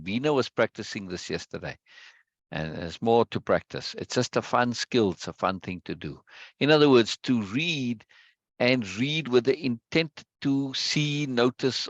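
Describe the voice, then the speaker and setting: Gravelly man hosting a study stream. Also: medium pitch, no echo, highs cut off. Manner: repeats phrases, greets viewers one by one. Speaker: host of an online study group. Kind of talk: casual livestream chat before a reading session.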